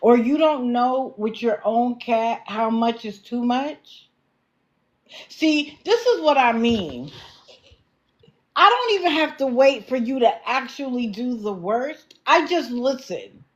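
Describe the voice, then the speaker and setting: A woman hosting a casual livestream, answering viewer comments with quick apologetic asides and animated reactions. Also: fairly high pitch, highs cut off. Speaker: livestream host.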